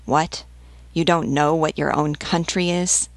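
A woman reading the part of a gruff male army sergeant who questions bluntly and demands answers. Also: sits low, fairly even intonation, a little slow, no room sound. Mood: stern.

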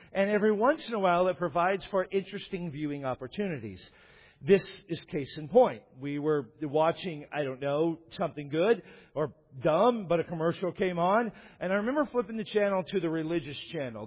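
A man preaching a sermon as a pastor, telling stories in a conversational way with wry asides. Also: on the high side. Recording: dull echoey hall recording.

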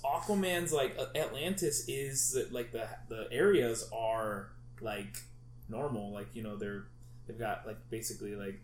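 Rambling, excitable man in an echoey room. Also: mid-range voice. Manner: rambling, excitable retelling full of fillers and swearing. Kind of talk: casual chat. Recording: echoey room with faint background noise.

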